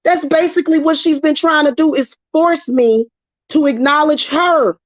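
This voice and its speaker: With a high-pitched voice at normal speed, a woman in a casual witchcraft vlog lets loose, swearing and getting heated and emotional over spiritual work. The sound is dull, dry and lo-fi, with no echo.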